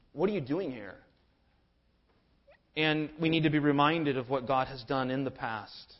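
A man's voice: fairly high pitch, dull audio. A man preaching a sermon in an earnest manner, often repeating words as he stresses a point. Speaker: pastor.

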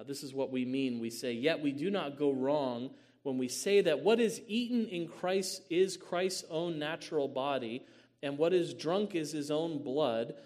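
A man giving a theological teaching talk as a church teacher, measured with many "um"s and rising at times to a booming emphasis. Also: darkish tone.

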